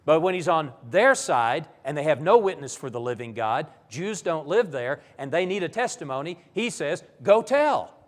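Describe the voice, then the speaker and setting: A man's voice: a little high, moderate pace, hardly any pauses, in a large hall. A man preaching a Bible lesson in a church, telling the stories vividly. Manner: animated, vivid storytelling. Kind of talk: sermon-style Bible lesson.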